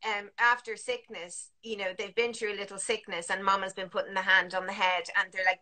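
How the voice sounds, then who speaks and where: A woman working as a sleep consultant talks over a live video call. Her voice is bright and forceful, and she rambles a little, restarting sentences and acting out parents and toddlers as she explains. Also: mid-range voice, brisk. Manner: chatty, many restarts and fillers, acts out parents and children.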